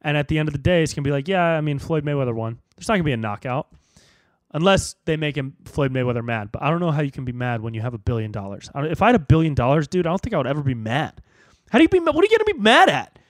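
A young man hosting a solo podcast, ranting in a profane, animated way and jumping into squeaky high voices for jokes. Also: rapid-fire, no echo, studio quality. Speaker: podcast host.

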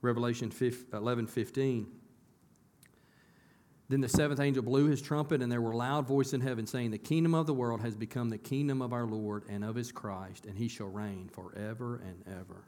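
Man, pastor, church sermon, middle pitch, conversational, asks the congregation questions, repeats words when restarting. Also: steady tone, moderate pace, darkish tone.

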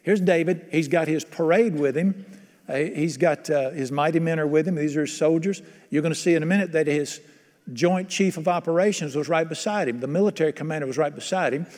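Higher-voiced pastor preaching in a hall. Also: male voice, brisk, darkish tone. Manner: conversational, quizzes the congregation. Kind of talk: sermon.

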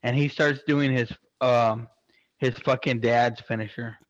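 A man chatting casually, excitable and swearing constantly, rambling with lots of fillers. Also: mid-range voice, unhurried, no echo, dull audio. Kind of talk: casual chat.

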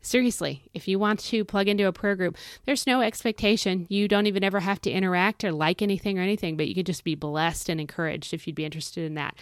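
A woman's voice: lowish voice, fairly even intonation, fast talker, hardly any pauses, dry recording, clean studio sound. A middle-aged woman hosting a devotional podcast, preaching in a fervent, folksy, exhorting way. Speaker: podcast host.

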